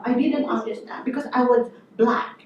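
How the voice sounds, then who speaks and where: Woman, high voice, lively storytelling lecture, teasing, distant mic, echoey hall, muffled sound. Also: moderate pace, slight background noise. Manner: lively, anecdotal, teasing the audience. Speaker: guest speaker. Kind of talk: lecture to an audience.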